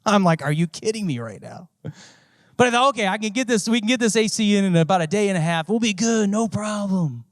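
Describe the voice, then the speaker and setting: A man with a high voice preaches in a conversational, storytelling way, circling back to repeat his phrases. The sound is dry and close, with no room echo. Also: quick pace, few pauses. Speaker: pastor. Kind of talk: sermon.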